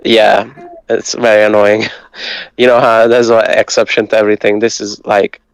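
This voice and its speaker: A man who speaks Hungarian natively, patiently tutoring and breaking words down slowly, with some hesitant fillers. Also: fairly low pitch, flat delivery, clear, resonant tone, dry recording, low-quality recording. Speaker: language tutor. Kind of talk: casual language lesson.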